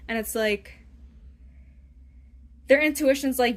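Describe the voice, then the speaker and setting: A woman's voice: medium pitch, normal speed. Chatty woman giving a tarot reading. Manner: chatty, rambling, often asks "okay?"; acts out imagined inner voices. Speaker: tarot reader. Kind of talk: casual tarot reading monologue.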